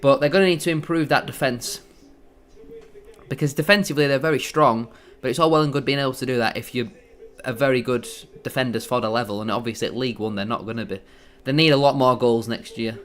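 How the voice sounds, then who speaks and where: An excitable man giving gloating, bantering live commentary as a football fan on a match watchalong stream. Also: medium pitch, a little fast.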